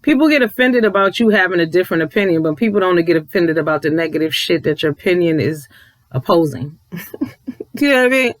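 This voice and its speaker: Man, high and raspy voice, dry close sound, preachy profane vlog rant, repetitive emphasis. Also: a bit bright, no echo, rough recording. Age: adult with a child. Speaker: commentary vlogger. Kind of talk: late-night rant to viewers. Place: at home at night.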